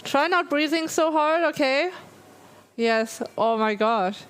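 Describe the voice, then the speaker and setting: A woman's voice: high-pitched, lively intonation, takes it slowly, a little hiss or hum, low-quality recording. A woman streamer chatting casually on a live stream, talking through a burning, aching mouth that slurs her words. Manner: pained, slurred talk from a burning mouth. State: mouth in pain from spicy food.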